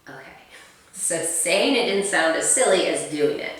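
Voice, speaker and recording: A woman, a yoga teacher calmly guiding a breathing practice with a gently self-deprecating, coaching manner. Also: on the low side, normal speed. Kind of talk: guided breathing instruction. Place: yoga studio room. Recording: very echoey room, distant mic, faint noise.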